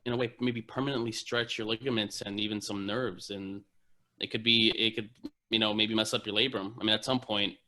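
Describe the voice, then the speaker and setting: Bright-voiced man talking casually. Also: fairly low pitch, fairly even intonation, a little fast. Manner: loose, hedging, swears casually. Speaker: podcast co-host, personal trainer. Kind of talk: casual podcast chat.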